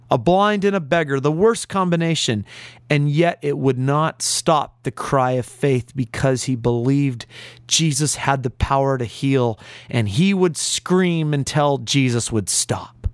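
A man preaching a sermon in an earnest voice, building emphasis and pausing for effect. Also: a little high, no room sound, clean studio sound. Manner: earnest preaching with rising emphasis and dramatic pauses.

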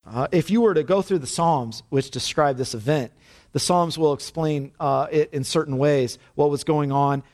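A man delivering a sermon in an earnest, searching way, often doubling his words as he builds a point. His voice sits a little higher than most men's, and he reads scripture with growing feeling. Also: moderate pace, darkish tone. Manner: earnest, repeats words, quotes scripture with rising emotion. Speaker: preacher.

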